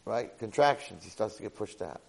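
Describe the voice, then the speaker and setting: A man teaching a Torah portion lesson to a live class, an animated storyteller sprinkling in Hebrew and Yiddish words. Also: on the low side, brisk, gravelly, low-quality recording.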